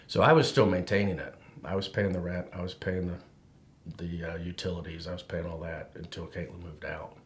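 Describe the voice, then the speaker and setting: A plain-spoken middle-aged man answers in a documentary interview. He talks slowly and leaves pauses. His voice is very deep. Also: fairly even intonation.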